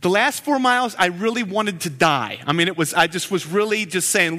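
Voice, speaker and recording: A man in his forties preaching a sermon as a pastor, telling stories in an animated, joking way. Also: sits high, normal speed, in a large hall. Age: 40s.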